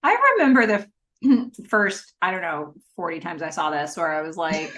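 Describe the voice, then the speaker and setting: A woman co-hosting a podcast in casual chat, animated, with frequent laughs and trailing fillers. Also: lowish voice, normal speed. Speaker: podcast co-host. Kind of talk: casual chat recapping a TV show.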